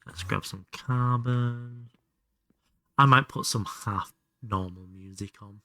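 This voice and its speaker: A man's voice: medium pitch, slow, pushed and bright, dry recording. A young man chatting casually and thinking aloud while streaming a game, swearing freely. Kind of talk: casual live gameplay commentary.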